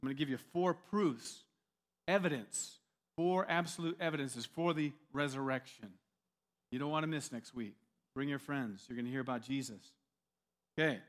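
A man's voice: mid-range voice, normal speed. A man preaching a sermon as pastor, talking conversationally with rhetorical questions and frequent restarts.

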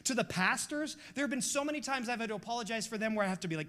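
Guy in his 40s preaching, super emphatic, kinda high pitched and punchy. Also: animated, fast, hardly any pauses, a bit bright. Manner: passionate, confessional, emphatic. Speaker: pastor. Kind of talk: sermon.

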